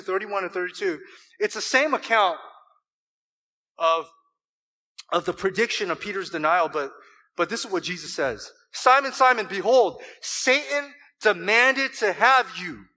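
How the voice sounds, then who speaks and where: A man preaching a sermon, animated, acting out scripture quotes with emphasis and joking with the congregation. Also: a little high, rough recording. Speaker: pastor.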